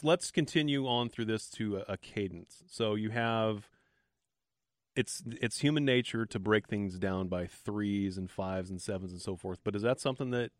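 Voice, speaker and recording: A lower-pitched man hosts a casual radio interview, asking curious questions and restarting sentences as he thinks. He sounds encouraging toward his guests. The recording is dry and close-miked. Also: no room sound. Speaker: radio show host.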